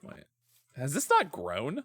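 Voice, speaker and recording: A man's voice: a little high, huge pitch swings, slow pace, fairly bright tone, husky, no room sound. A man streaming a game, chatting casually in a playful, rambling way and swearing often. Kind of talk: casual gameplay chat.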